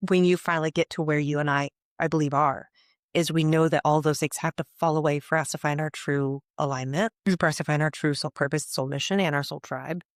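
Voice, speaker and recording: A woman's voice: sits low, fairly even intonation, a little fast, no echo, studio quality. A woman hosting a podcast, speaking earnestly and emotionally in a flowing, heartfelt way about spiritual growth.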